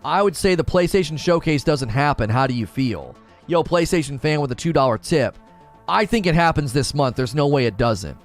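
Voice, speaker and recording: A man's voice: on the high side, lively intonation, normal speed. A man in his thirties from the United States hosting a casual live stream, reading chat aloud, laughing often and restarting his sentences. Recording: faint music behind.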